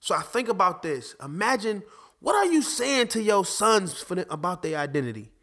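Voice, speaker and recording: A man hosting a podcast, talking casually about faith and fatherhood, animated, with many restarts. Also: high voice, normal speed. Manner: animated, restarts often, acts out conversations. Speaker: podcast host.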